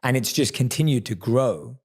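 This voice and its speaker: Male interview host, mid-pitched voice, enthusiastic and affirming, speaks in fast bursts. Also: lively intonation, breathy edge. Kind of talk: podcast interview.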